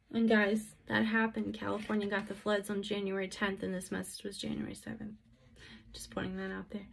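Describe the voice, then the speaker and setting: A woman's voice: mid-range voice, completely flat delivery, fairly quick, gravelly. A woman reading Bible verses and giving a prophetic message as a social media faith speaker, earnest and pleading.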